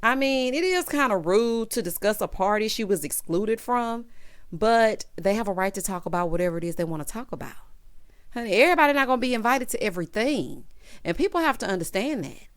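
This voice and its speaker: In a sassy, dramatic casual recap of a reality TV episode, a woman acts out what the cast said and calls the viewer "honey" and "child." Her medium-pitched voice is expressive, fairly quick, clear, and resonant, with studio quality and no room sound.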